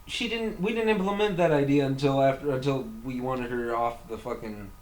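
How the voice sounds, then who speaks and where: A man's voice: mid-range voice, normal speed. A man co-hosting a casual podcast chat, contrarian and sarcastic, swearing freely. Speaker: podcast co-host. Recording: echoey room.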